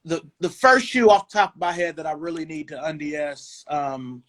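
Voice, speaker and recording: A man in his forties from Cleveland hosting a casual sneaker talk show over a video call, relaxed and rambling. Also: on the high side, normal speed. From Cleveland, USA. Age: 40s. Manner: relaxed, rambling, lots of "um" and "you know". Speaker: podcast host. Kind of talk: casual chat. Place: home dining room.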